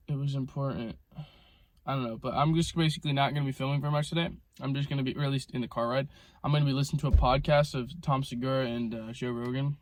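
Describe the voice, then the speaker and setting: A man's voice: mid-range voice, dry recording. Rambling young man vlogging from his car. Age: young adult. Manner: rambling, filler-heavy, frequent "like" and "um". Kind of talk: casual rambling vlog storytelling.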